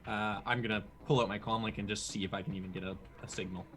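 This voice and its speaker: A man's voice: lowish voice, fairly even intonation, quick pace, a bit bright, husky. A man playing in a tabletop game, talking hesitantly and asking careful questions. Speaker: player. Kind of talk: casual game table chat.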